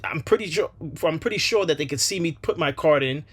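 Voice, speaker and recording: A man's voice: on the high side, fairly quick, breathy edge. A man hosting his own channel, giving solo commentary on a news story in an earnest, emphatic way, often repeating himself to stress a point. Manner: earnest and repetitive, with emphatic restarts. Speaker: channel host.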